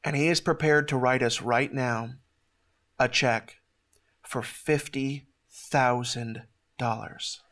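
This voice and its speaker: A man hosting a ministry show, giving an emotional testimony in an earnest, halting way with many restarts, near tears. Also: mid-range voice, steady tone, a bit bright.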